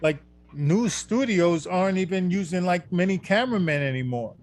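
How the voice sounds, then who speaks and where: A man's voice: high-pitched, expressive, moderate pace, darkish tone, slight background noise. A man hosting a sports talk show, chatting loosely and enthusiastically with many fillers. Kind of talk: casual chat.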